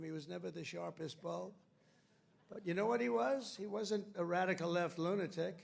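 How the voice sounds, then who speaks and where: Gravelly older man giving a rambling speech. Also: on the high side. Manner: rambling, repetitive, boastful with asides. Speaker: speaker at a military base. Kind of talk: political rally speech.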